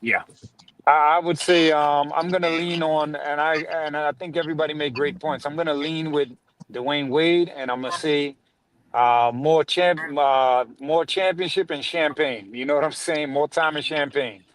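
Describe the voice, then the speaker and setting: A man's voice: a little high, steady tone, moderate pace, a little hiss or hum, rough recording. Laid-back, slangy man in a podcast chat. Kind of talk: casual sports podcast chat.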